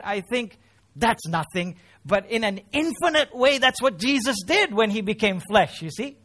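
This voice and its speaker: A man with a notably high voice preaches a sermon in church. He talks with feeling, rising loud on key phrases and sinking low and soft between them. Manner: emotional, swells louder on key phrases then drops low. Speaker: pastor.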